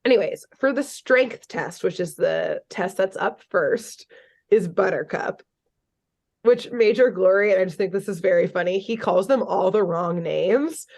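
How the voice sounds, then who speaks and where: A woman's voice: mid-range voice, a little slow, vocal fry. Casually swearing woman podcast host. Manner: animated storytelling, swears freely. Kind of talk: casual cartoon recap chat.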